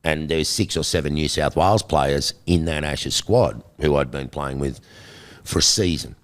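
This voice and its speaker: An older Australian man in an interview, telling animated stories and acting out the voices of the people in them. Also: rumbling low, normal speed. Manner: animated storyteller, acts out quoted voices. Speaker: guest. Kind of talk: storytelling interview.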